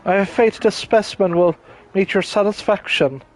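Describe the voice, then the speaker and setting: A man's voice: high voice, moderate pace, lightly acted. A man doing a fawning crooked minion. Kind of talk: reading game dialogue aloud.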